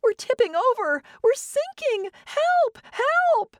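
A woman voicing a prim, easily frightened young girl with a shrill, high child voice. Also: big pitch swings, normal speed, dry recording, clean studio sound. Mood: panicked. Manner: shrieking in alarm, prim and superior.

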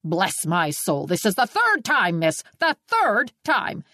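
A blustering, irate middle-aged farmer, as a woman reader puts him on in an audiobook, sputtering out old-fashioned scolding with a lively, swooping delivery. The sound is dry and close. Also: medium pitch, slow pace, dry recording, exaggerated voice. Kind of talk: audiobook character reading.

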